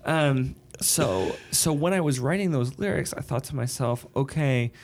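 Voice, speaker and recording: Speaking at a slightly slow pace in a mid-range voice, a male songwriter and novelist thoughtfully walks through his writing process in a casual conversation. He explains by singing rhythms and giving examples, and a faint hiss or hum sits under the recording.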